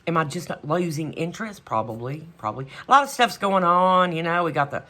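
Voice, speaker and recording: Bright-voiced woman venting in a casual vlog. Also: lowish voice, lively intonation, fairly quick. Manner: chatty and exasperated, trailing off with "whatever". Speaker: vlogger. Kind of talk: casual chat.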